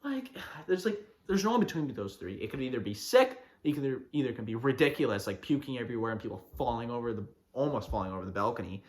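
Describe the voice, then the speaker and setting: A man's voice: mid-range voice, very animated, fast, hardly any pauses. A man hosting a podcast, ranting and mocking in a casual, fired-up monologue. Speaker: podcast host.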